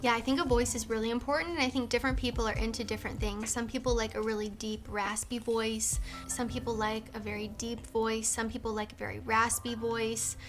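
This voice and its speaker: A woman with a slightly high voice chats casually to the camera in a playful, chatty way. Faint music runs behind her. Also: fairly even intonation, fairly quick, hardly any pauses. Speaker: woman sharing her views in a clip.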